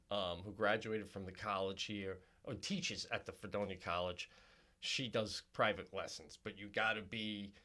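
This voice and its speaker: A man co-hosting a podcast, telling a profane comedic story and breaking into laughter as he gets worked up. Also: normal speed. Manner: animated, profane, voice climbing high and loud when worked up; laughs while telling stories. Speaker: podcast co-host.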